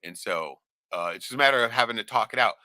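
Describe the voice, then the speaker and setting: A man's voice: mid-range voice, lively intonation, quick pace, pushed and bright, no room sound. Potty-mouthed guy rambling stories, keeps asking "right?", punchy tone. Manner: swears constantly, blunt storytelling with lots of "right?". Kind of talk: casual profane chat.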